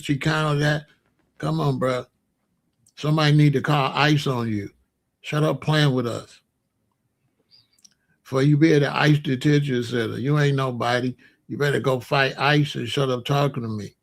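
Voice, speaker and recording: A man's voice: a little high, normal speed, vocal fry. A man delivering heated, confrontational stream commentary in blunt street slang.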